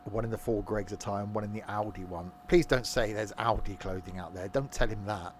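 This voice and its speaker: A man's voice: on the low side, steady tone, fairly quick, slight background noise. A man streaming a train simulator game, chatting casually and joking as he reads his viewers' messages. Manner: joking banter, reading viewers' chat. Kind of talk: casual gameplay commentary.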